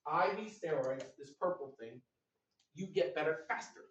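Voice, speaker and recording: Energetic man lecturing in an echoey hall. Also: a little high, normal speed, lo-fi sound. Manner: energetic, teasing, asks the audience questions. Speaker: lecturer at a medical workshop. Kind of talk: lively medical lecture. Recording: echoey hall recorded from a distance.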